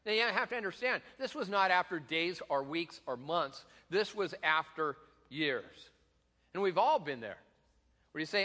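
A man's voice: on the high side, lively intonation, normal speed, pushed and bright. A middle-aged man, a pastor preaching a sermon in a conversational, joking way, with many fillers and restarts, in a church sanctuary. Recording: long reverb in a large hall.

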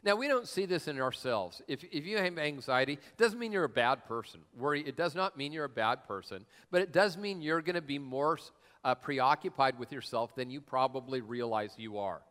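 A man's voice: medium pitch, lively intonation, normal speed, fairly bright tone. A middle-aged man preaching a sermon as pastor, telling stories in a loose, joking, conversational way. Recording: long reverb of a large hall.

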